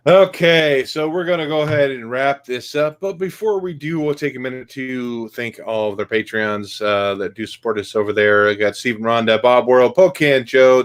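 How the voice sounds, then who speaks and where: A man hosting a casual comics podcast, rambling through upbeat plugs with lots of fillers. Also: mid-range voice. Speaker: podcast host. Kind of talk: casual chat.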